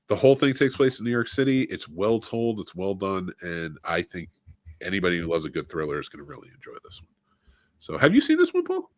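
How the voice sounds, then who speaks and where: This film podcast co-host has a lowish voice with a fairly bright tone, recorded dry at studio quality. His casual talk is eager and list-like, peppered with frequent "uh" fillers.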